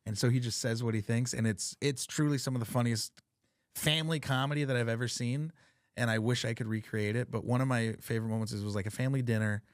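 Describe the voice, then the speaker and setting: A man hosting a podcast, telling funny family stories in a casual, profane, animated way. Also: mid-range voice, fast, no echo, studio quality. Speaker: podcast host. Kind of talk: casual chat, storytelling.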